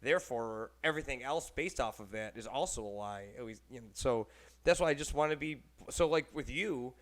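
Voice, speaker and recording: Texan guy hosting a chill podcast, rambly and animated, swears casually, regular mid pitch. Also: brisk. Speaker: podcast host.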